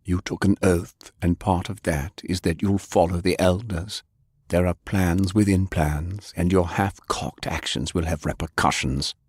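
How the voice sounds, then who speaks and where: Brief: stern older elder, controlled and commanding, deep and flat in the room, as a man voices him. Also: a little slow, slightly rough, no echo, clean studio sound. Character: gruff older male elder, stern and secretive.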